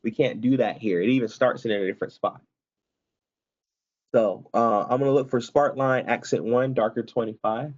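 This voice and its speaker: In a lo-fi screen recording, a man with a steady, medium-pitched voice speaks at a moderate pace. He's an instructor taking students through a spreadsheet one step at a time, relaxed and fixing his own slips as he goes.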